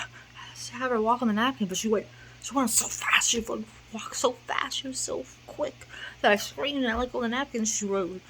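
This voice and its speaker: A woman's voice: on the high side, slight background noise, poor audio. A woman telling a rambling, emotional story in a casual vlog, sometimes drifting into half-whispered singing. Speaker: vlogger.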